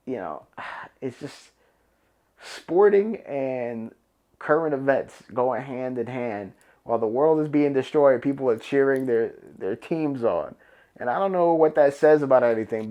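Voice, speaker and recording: A man's voice: medium pitch, a little mellow. A young man with a New York accent, hosting a solo podcast in a loose, rambling, profane, emphatic way. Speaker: podcast host. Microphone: camera and podcast mic.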